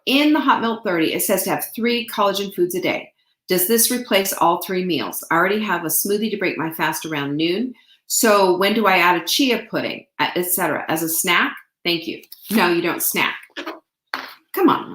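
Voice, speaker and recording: A woman's voice: fairly low pitch, a bit bright. Chatty woman in her sixties, echoey room. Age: 60s. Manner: chatty, upbeat, teasing the viewers. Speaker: nutritionist and show host. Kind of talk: live Q&A to online viewers.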